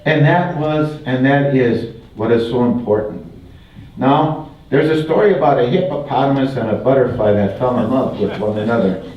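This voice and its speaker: A man's voice: mid-range voice, normal speed, a little hiss or hum. Older man speaking in an echoey hall. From Wisconsin, US. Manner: folksy, repeats phrases, jokes with an audience. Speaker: guest speaker. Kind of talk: public talk with humor. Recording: distant, roomy, dull hall recording. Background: audience laughter.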